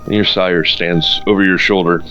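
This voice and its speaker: A man running a tabletop game with a low voice and easy, halting narration. The recording is a touch dull, with faint music under it. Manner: relaxed, halting narration with fillers. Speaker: game master.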